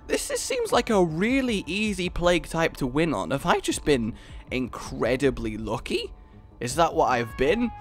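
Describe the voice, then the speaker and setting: A man's voice: medium pitch, a bit bright. A man from Scotland doing joking let's-play commentary, talking to himself and the game and laughing often. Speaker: gaming YouTuber.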